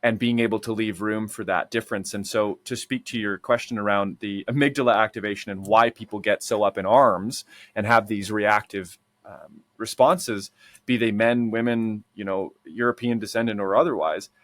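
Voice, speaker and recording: Low-voiced man hosting, dry sound. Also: no room sound. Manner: measured, articulate, hedging. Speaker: podcast host. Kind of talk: casual conversational interview.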